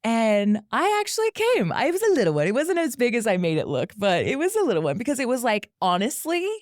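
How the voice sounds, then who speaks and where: A woman's voice: a little high, huge pitch swings, a little fast, dry recording, clean studio sound. A young adult woman casually telling a candid, profane story, laughing as she goes. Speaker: podcast guest.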